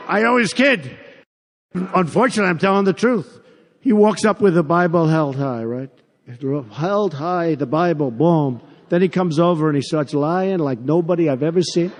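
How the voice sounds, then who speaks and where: In a crowded arena, a political candidate, an older man, delivers a repetitive, wandering speech laced with mockery. He sounds animated and fairly quick, with a voice that sits high. Long hall reverb from the PA fills the recording.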